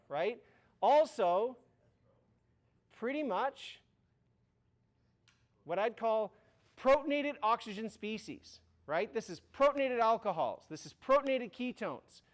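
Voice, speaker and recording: A man lecturing a university chemistry class in an informal, joking way, often checking in with "right?". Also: high voice. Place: lecture hall.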